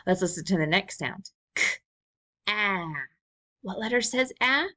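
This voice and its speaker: A young woman teaching a recorded first-grade lesson, speaking slowly and encouragingly to small children. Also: medium pitch, animated, pushed and bright. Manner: slow, sing-song, encouraging teacher talk.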